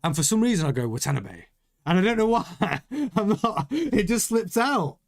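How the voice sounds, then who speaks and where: A man's voice: high voice, very animated, normal speed. A man hosting a live watchalong, reading out viewer chat and giving casual, rambling commentary that often stops and restarts mid-sentence. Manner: chatty, rambling, self-interrupting. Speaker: livestream host reading chat.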